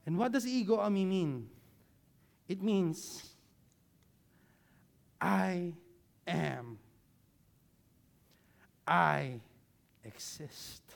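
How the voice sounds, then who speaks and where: A man preaching a sermon with slides, dropping his voice low for emphasis and leading the congregation to repeat words after him. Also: expressive, extremely slow, creaky, long pauses. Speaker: pastor.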